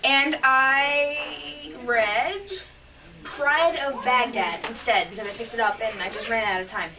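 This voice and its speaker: A woman's voice: fairly high pitch, unhurried, distant mic, a crowd in the background, low-quality recording. A woman co-hosting a podcast, chatting casually and emotionally about comics she has read, often restarting her sentences. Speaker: podcast co-host. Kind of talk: casual chat reviewing comics.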